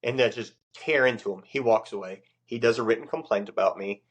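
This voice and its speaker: A man with a low voice tells stories from his military career in a blunt, profane, casual way. He is a guest chatting on a podcast. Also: fairly quick, breathy edge. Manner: blunt, profane, acts out quoted people in a much higher voice. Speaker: Navy chief, podcast guest. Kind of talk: casual storytelling.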